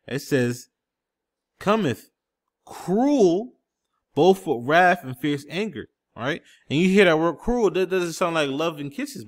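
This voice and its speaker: Emphatic male scripture preacher. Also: a little high. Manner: emphatic, repeats "okay?" and "man" constantly; looks up word definitions on screen while talking. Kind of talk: street-style scripture teaching.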